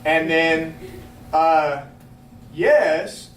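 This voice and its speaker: A man giving an energetic sales training talk to a small group, checking in often with his listeners. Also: on the high side. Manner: energetic, fast, coaching with repeated check-ins. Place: restaurant meeting room. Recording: roomy, distant, faint noise.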